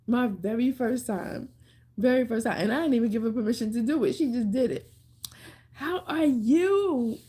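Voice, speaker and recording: A woman's voice: fairly high pitch, normal speed, dark tone, breathy edge. A woman hosting a casual livestream, chatting playfully with viewers and reading their comments aloud, often repeating herself for emphasis. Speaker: livestream host.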